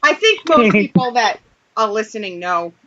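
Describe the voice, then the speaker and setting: A woman's voice: mid-range voice, lively intonation, moderate pace, very noisy. A woman hosting a casual internet radio chat show, joking around and reading out chat comments. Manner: joking, chatty, reads chat comments aloud. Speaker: podcast host. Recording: dull lo-fi internet radio audio.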